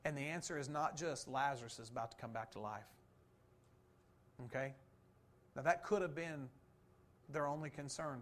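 A man preaching a sermon, posing rhetorical questions and answering them, swinging from fervent emphasis to soft, low reflection. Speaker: pastor.

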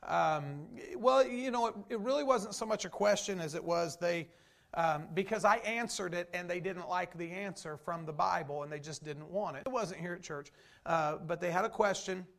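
A pastor delivers a relaxed, conversational sermon, stopping to restart sentences and acting out what people said. His voice sits high for a man and carries a gravelly edge. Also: normal speed. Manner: conversational preaching with restarts and acted-out quotes.

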